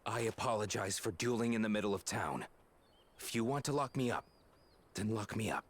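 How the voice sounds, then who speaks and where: An actor playing a cocky young gunslinger in a game, brash and taunting. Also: male voice, fairly low pitch, fairly quick, a little hiss or hum, lightly acted. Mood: firm.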